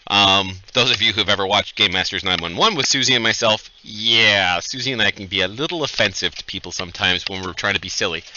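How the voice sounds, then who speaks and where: Upstate new york guy running the game, bright low-ish voice, kinda muffled with faint hiss. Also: fairly quick, few pauses. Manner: joking, chatty, teasing. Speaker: game master. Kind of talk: live-streamed tabletop game chat and narration.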